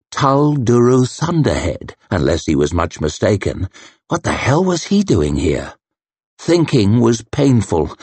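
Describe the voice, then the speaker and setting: Guy reading an audiobook real slow, mid pitch, dry close sound. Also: darkish tone, husky, no room sound. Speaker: audiobook narrator. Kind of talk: scripted narration.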